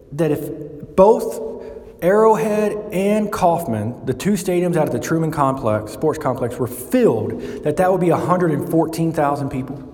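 A man preaching a sermon, turning lively and louder as he builds his points. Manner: animated, rising in pitch and volume when building a point. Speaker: pastor. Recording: echoey church hall with long reverb.

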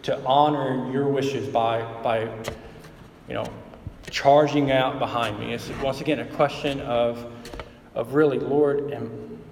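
A man's voice: medium pitch, fairly even intonation, measured pace, darkish tone, slight background noise. A man preaching a sermon as pastor, in a loose conversational way with many fillers and asides to the listeners. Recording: echoey hall, mic at a distance.

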